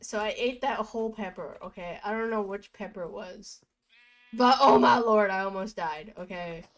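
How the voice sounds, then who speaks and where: A young woman talks at a moderate pace in a mid-range voice, streaming from home and rambling casually through goofy stories as she games. She laughs in bursts, and the recording is low quality.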